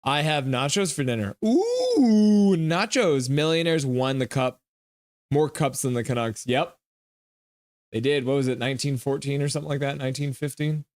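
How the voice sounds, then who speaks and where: A man's voice: mid-range voice, steady tone, a little fast, no echo, clean studio sound. A man streaming a live hockey game reaction, reading chat messages aloud and teasing viewers in a playful, jokey way.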